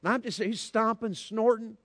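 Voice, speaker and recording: Folksy preacher, high voice. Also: male voice, steady tone, moderate pace, fairly bright tone, no echo. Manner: folksy, joking, addresses the crowd directly. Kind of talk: sermon storytelling.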